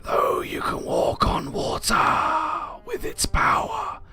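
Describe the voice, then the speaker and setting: A man voicing an eerie mist spirit that speaks riddles in a whispered role-play, slow and drawn-out. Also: pushed and bright, raised voice, faint music behind, full character voice. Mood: riddling. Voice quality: high whispery voice in the head. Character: eerie misty spirit with a humanoid face, riddling.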